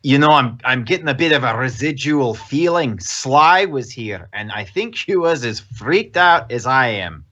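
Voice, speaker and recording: A man's voice: medium pitch, expressive, measured pace, few pauses, pushed and bright. Man putting on a bewildered Scottish-accented man, questioning, lo-fi audio. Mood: puzzled. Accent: Scottish (put on).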